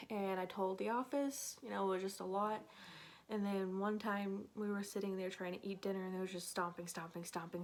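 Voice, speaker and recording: Chatty woman telling a personal story. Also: mid-range voice. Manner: chatty, many "like" fillers, acts out her own past lines. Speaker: storyteller vlogger. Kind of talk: casual storytime chat.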